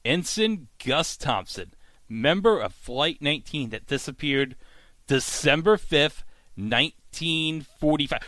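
A man hosting a podcast, recapping a TV episode with animated, mock-incredulous outbursts. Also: on the high side, takes it slowly, dry recording. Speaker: podcast host.

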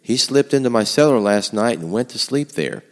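A man putting on an excitable townsman with a hot temper, his voice pushed well above the performer's own low register. The indignant lines ring out in a hall with a long echo. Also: moderate pace, natural voice. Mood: eager. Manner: shouting, worked-up indignation.

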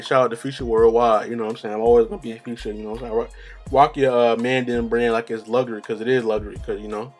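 Young guy rambling on his vlog, loose slangy chat, faint music in back. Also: mid-range voice. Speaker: vlogger. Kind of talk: casual solo chat.

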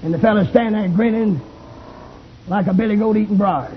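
A Baptist preacher, shouting a fiery revival sermon in a tent and calling for amens. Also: male voice, high voice, fairly quick, slight background noise. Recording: tinny lo-fi old tape recording.

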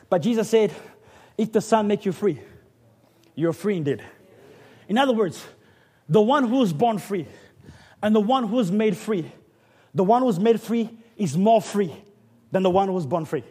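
A man preaches in a very high, husky voice. He swings between hushed stretches and loud, shouted peaks as he drives his sermon home. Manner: builds to shouting, dramatic swings in delivery.

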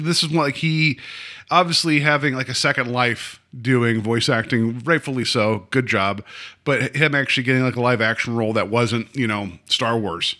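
A man's voice: mid-range voice, pushed and bright. A man in his mid forties, a podcast co-host rambling in casual chat with lots of fillers and self-deprecating jokes. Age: 40s.

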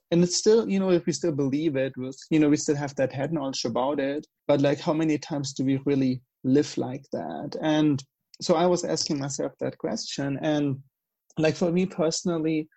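A young man from Germany with a German accent, talking in a casual, halting and earnest way, with many fillers. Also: fairly high pitch, gravelly, dark tone. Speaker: guest in conversation. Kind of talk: casual conversation.

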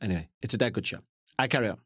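A man's voice: fairly low pitch, racing, a bit bright, slightly rough, no echo. Bloke chatting to his listeners, rambly, swears a bit, dry close mic. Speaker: podcast host. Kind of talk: casual chat to listeners.

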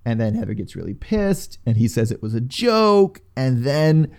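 A man's voice: mid-range voice, sing-song, moderate pace, gravelly, darkish tone. Rambling man recapping a show. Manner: rambling, retells scenes with quoted voices. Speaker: podcast co-host. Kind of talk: casual chat recapping a reality show.

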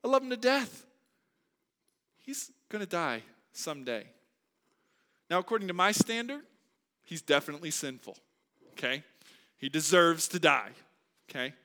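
A man preaching a sermon as a pastor, moving between quiet reflection and loud, emphatic delivery. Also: a little high, sing-song, moderate pace, long pauses. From United States. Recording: long hall reverb.

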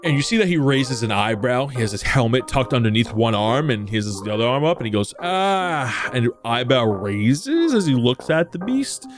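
Easygoing game master, male, animated delivery, music bed. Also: medium pitch, a little fast, hardly any pauses. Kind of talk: narrating a tabletop game.

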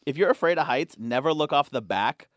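A young man chatting casually as a podcast co-host, telling stories with lively acted-out quotes. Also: brisk, no room sound, studio quality. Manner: animated storyteller, acts out quotes in loud high voices. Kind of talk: casual chat.

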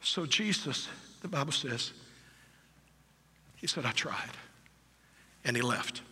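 A man's voice: mid-range voice, sharp tone, breathy edge. A middle-aged male pastor preaching an impassioned sermon with rhetorical questions, recorded in a church sanctuary. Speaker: lead pastor. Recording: long reverb of a church hall.

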